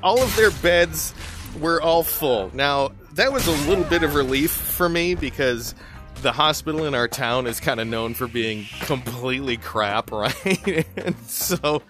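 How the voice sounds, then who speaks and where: With music in the background, a gaming video host spins a long personal tale as he plays, chatting casually, laughing frequently, and restarting sentences. His voice is fairly high, a little slow, and lively in intonation.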